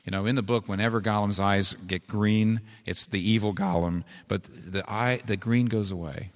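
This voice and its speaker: A low-voiced male preacher delivering a sermon in a church, earnest and intimate one moment, then pressing hard and climbing in urgency. His words ring out with a long reverb through the large sanctuary. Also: steady tone, normal speed. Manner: earnest, rising to urgent exhortation.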